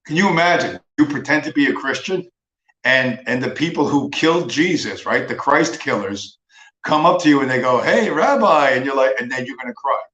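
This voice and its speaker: A man's voice: mid-range voice, a little fast, fairly bright tone, reverberant, low-quality recording. A man hosting a livestream, talking in a sarcastic, profane, mocking rant. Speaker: livestream host. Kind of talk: casual ranting monologue.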